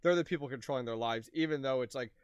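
Quick-talking man in casual chat. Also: mid-range voice, clear, resonant tone, no echo.

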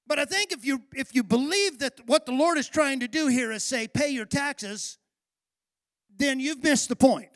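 A male pastor preaching a sermon with fervor, building up to shouts on key phrases. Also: very high voice, moderate pace, no echo.

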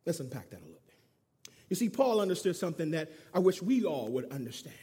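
Husky, lively-voiced preacher man in a hall. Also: fairly high pitch, quick pace. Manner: emphatic preaching, rhetorical questions, leads call-and-response. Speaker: pastor. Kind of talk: sermon. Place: church sanctuary.

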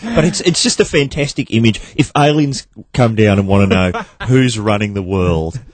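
A man's voice: lowish voice, expressive, moderate pace, no room sound. A man hosting a comedy radio show, joking, telling anecdotes and laughing often. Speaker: radio host.

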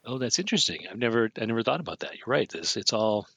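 A man talks through a movie in relaxed podcast chat, eager and full of theories. His voice sits very low, with a bright, husky edge. The sound is close and dry. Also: fast, dry recording. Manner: enthusiastic, theorizing, laughs often. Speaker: podcast co-host. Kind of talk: casual film commentary chat.

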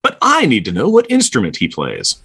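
A man with a husky, slightly breathy voice that swings wildly up and down in pitch. He recaps a comic story for a podcast and keeps slipping jokes into the plot. The delivery is loose and conversational. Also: wildly swooping pitch, fairly quick, fairly bright tone. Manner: playful, jokey storytelling. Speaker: podcast co-host. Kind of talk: comic book recap chat.

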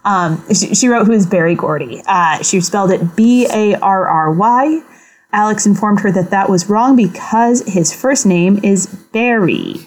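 Measured woman co-hosting a podcast. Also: mid-range voice. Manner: measured, careful recaps with light laughs. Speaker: podcast co-host. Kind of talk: casual podcast chat, reading quiz clues aloud.

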